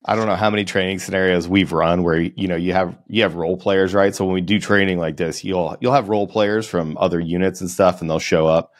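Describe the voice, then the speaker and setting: Deep-voiced joking podcast co-host, man. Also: fairly even intonation, brisk, hardly any pauses, no room sound, studio quality. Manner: joking storyteller, laughs often. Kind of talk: casual podcast chat.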